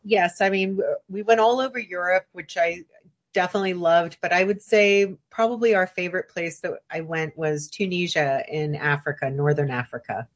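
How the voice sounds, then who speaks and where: A low-pitched woman, a writer from the United States, talks as a guest on a radio interview. She recalls stories in a reflective, anecdotal way. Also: normal speed, highs cut off.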